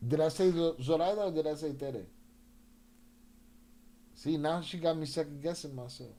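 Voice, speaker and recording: A man's voice: a little high, normal speed, mellow. A man hosting a live stream in loose, joking slang, laughing often, a few drinks in. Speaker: livestream host. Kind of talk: casual live-stream chat.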